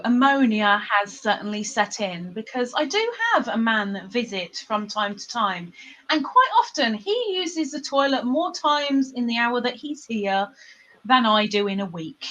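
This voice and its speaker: Bright, playful woman live-stream host. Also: a little high, highs cut off. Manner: playful, laughs often. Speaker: livestream host. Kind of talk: casual live-stream chat.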